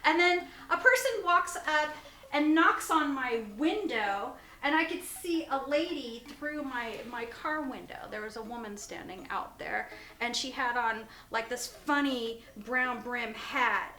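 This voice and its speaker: A woman's voice: sits high, animated, unhurried, bright, forceful tone. A woman hosting her own channel, telling a spooky story in a casual way, laughing often and dropping to a whisper at the tense parts. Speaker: host. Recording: echoey room.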